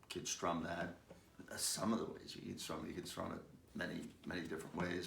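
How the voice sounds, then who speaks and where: A man giving a casual guitar lesson, talking haltingly with many fillers, stopping to demonstrate strums. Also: low voice, gravelly. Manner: slow, halting, frequent fillers, sings snatches of lyrics. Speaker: guitar teacher. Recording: roomy sound, distant mic, loud guitar.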